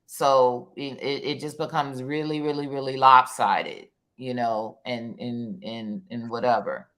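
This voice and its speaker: A woman's voice: extremely low pitch, fairly even intonation, measured pace, fairly bright tone. A woman with a New York accent in casual chat about card reading, rambling and repeating words with lots of "you know". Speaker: panelist.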